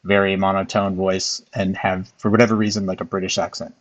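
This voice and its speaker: A man chats casually with an AI, stumbling and repeating his words often. His voice sits somewhat low. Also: little pitch movement, a little fast. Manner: hesitant, repeats words, many fillers. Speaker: host testing an AI. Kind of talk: casual chat.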